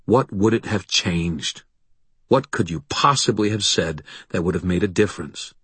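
A man's voice: deep voice, normal speed, breathy edge, dry recording, full character voice. A man voicing a weary, wry wizard. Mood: regretful. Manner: clipped, defensive, rising to shouts. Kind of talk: audiobook dialogue.

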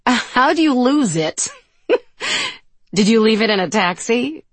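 A woman's voice: medium pitch, expressive, takes it slowly, no echo. A woman doing blunt, direct older sister Sabrina. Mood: teasing. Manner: direct and indelicate. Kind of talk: audiobook character voice.

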